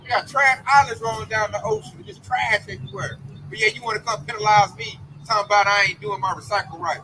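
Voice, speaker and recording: A man's voice: high-pitched, lively intonation, fast talker, bright, forceful tone, slight background noise, poor audio. A man preaching an informal sermon in a fervent, slangy, emphatic way. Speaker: street preacher.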